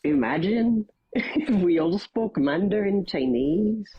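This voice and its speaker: A man voicing a gruff Northern Irish militant with a Belfast accent and a lilting delivery that rises at the end of lines. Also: high voice, lively intonation, takes it slowly, lo-fi sound, pitched above the performer's own voice, heavily acted. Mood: insistent. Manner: lilting, sentences rising at the end.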